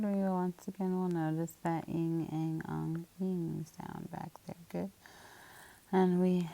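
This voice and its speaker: A woman's voice: sits low, creaky, dark tone, rough recording. A woman teaching a spelling lesson, walking through words patiently and methodically, step by step.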